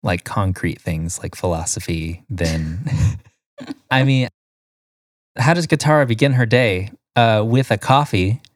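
A man co-hosts a casual podcast, reading quiz questions and their answer lists aloud. His pitch moves a lot, and he laughs easily between items. The sound is dry and close. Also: lively intonation, takes it slowly, no echo. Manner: reads options in lists, laughs often. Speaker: podcast co-host.

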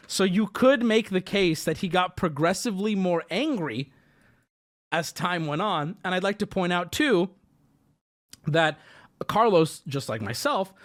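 A male streamer tells a story in an animated, indignant rant. His voice swings widely, shooting up when he's exasperated, and he swears freely. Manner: voice jumps high when exasperated.

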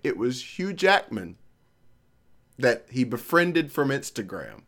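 A middle-aged man telling a long, profane story in casual chat, animated and playful. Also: mid-range voice, slow.

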